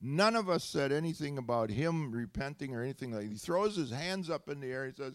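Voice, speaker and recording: A man preaching a sermon, telling stories with animated delivery, laughing often and rising to loud exclamations. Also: a little high, normal speed, few pauses. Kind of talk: sermon storytelling.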